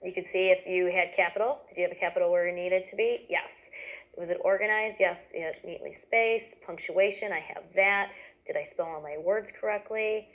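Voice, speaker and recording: A woman's voice: fairly low pitch, steady tone, normal speed, poor audio. A woman giving a patient, step-by-step lesson to teachers, checking in often with "okay?". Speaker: teacher trainer.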